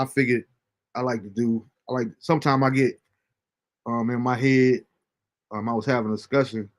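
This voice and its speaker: A man hosting a casual livestream show, reading out viewer comments with a relaxed, chuckling manner. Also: mid-range voice, normal speed, pauses often. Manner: laid-back, chuckling often, fillers like um. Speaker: host.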